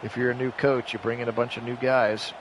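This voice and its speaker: Man doing excited solo play-by-play. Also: medium pitch, a little fast, background noise. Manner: rises sharply and loud for big plays, chatty asides to live chat. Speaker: play-by-play host of video game sims. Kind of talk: solo play-by-play commentary on a simulated game.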